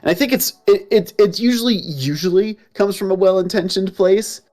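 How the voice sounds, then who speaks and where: A man's voice: high-pitched, moderate pace, darkish tone, soft background music. A man in casual stream chat, laid-back, with lots of fillers and casual swearing.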